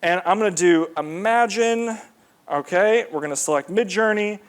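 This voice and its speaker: A man's voice: high voice, moderate pace, clean tone. A man giving a casual live presentation to an audience, talking loosely with lots of fillers and repeats. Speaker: conference presenter.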